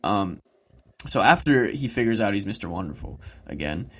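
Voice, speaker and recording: Laughing young podcast co-host. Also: male voice, lowish voice, normal speed. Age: young adult. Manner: laughing, animated retelling with quoted lines. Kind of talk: casual chat.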